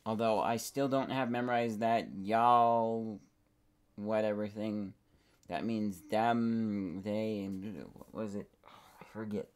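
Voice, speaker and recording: A man's voice: fairly low pitch, fairly even intonation, slow pace, smooth. Rambling young man musing while gaming. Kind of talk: casual gaming commentary.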